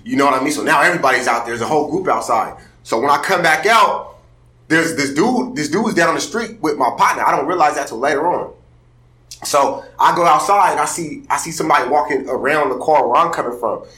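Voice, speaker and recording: A man from Seattle, a podcast guest, telling a story in casual talk and often checking that his listeners follow. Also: a little high. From Seattle, USA. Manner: animated, fast, keeps checking in with listeners. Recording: roomy echo.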